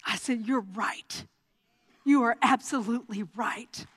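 A woman preaching a sermon and telling a personal testimony, with stammering restarts, moving between hushed passages and loud, impassioned ones. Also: a little high, a little slow, slightly rough, big-room sound.

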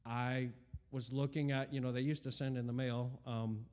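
This personal testimony of faith comes from a man in his forties who rambles earnestly, with many fillers and restarts. His medium-pitched voice is a little mellow, moves little in pitch, and keeps a moderate pace.

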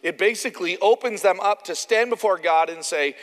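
Canadian preacher, light voice, echoing hall. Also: male voice, high-pitched, fairly quick, hardly any pauses. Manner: conversational, animated, acts out quotes. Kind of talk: sermon. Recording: long hall reverb.

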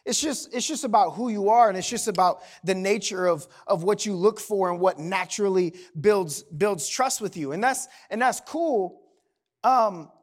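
A man's voice: high voice, normal speed. A man preaching a sermon in a conversational, humorous way, often checking in with "right?". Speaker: pastor.

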